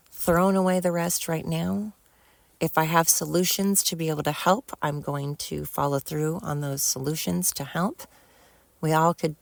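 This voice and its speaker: A woman's voice: deep voice, creaky, dry recording. A middle-aged woman hosting a solo podcast, rambling and heartfelt, swearing freely as she vents and then thanks her listeners. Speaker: podcast host.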